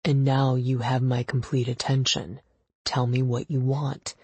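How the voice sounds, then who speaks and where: Curt billionaire husband, low and slow, dry recording. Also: female voice, level tone, dark tone, breathy edge, dry recording, full character voice. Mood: brusque. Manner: brusque and clipped.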